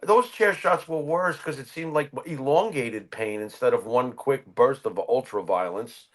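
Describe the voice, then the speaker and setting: A man's voice: mid-range voice, a little slow. A man co-hosting a wrestling podcast, telling a personal story in casual chat. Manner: animated anecdote teller. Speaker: podcast co-host.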